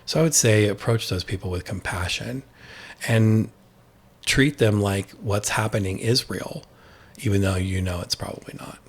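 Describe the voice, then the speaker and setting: A man's voice: on the low side, moderate pace, slightly rough. A man, an addiction expert, speaking candidly in a podcast conversation and telling a personal story with quoted dialogue.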